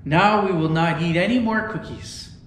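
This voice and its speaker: A man's voice: sits high, normal speed, fairly bright tone, reverberant, big-room sound, a little hiss or hum. A man reading the part of Mark, a patient, sensible young man, in a storybook tale. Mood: matter-of-fact.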